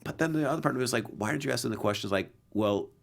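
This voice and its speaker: A man co-hosting a casual talk show, talking in a lively, teasing way. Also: mid-range voice, rapid-fire, creaky. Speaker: co-host. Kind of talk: casual chat.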